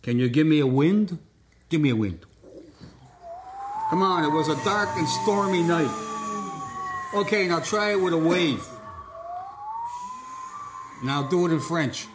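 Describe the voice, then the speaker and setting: A man's voice: fairly high pitch, animated, a little slow, long pauses, noisy background. A man hosting a live stage show, joking and coaxing the audience along. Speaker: host. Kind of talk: comic stage patter.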